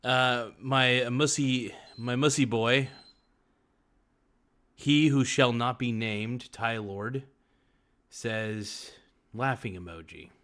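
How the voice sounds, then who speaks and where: A man hosts a casual live stream, reading out viewer comments and riffing off the cuff. He jokes constantly and breaks into laughter often. His voice sits at an average pitch. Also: takes it slowly, long pauses, fairly bright tone. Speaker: livestream host.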